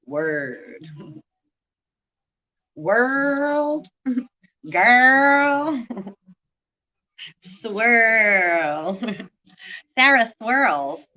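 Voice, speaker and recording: Slow-talking profane woman, lo-fi sound. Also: medium pitch, bright, forceful tone. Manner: profane, free-associating word play. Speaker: spiritual vlogger. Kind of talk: rambling monologue.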